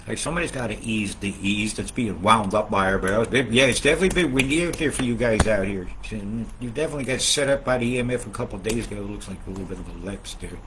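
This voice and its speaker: A man hosting a casual, rambling weather update, swearing often and swinging between loud outbursts and low muttering. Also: fast talker, few pauses, noisy background. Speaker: weather video host.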